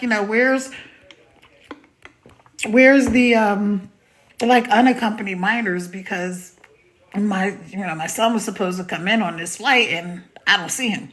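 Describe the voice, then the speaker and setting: A woman's voice: mid-range voice, fairly bright tone. A woman hosting a live stream, chatting casually, telling a story with laughs and greeting viewers by name.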